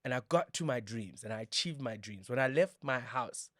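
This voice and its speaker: Playful South African podcast host. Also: male voice, medium pitch, lively intonation, normal speed, a bit bright, no echo, clean studio sound. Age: 30s. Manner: playful, joking, slangy. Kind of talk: casual podcast chat.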